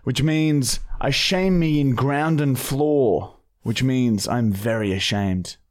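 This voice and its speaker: A man's voice: mid-range voice, slow pace. A man co-hosting a podcast, swearing constantly, blunt and rowdy in casual chat. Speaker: podcast co-host.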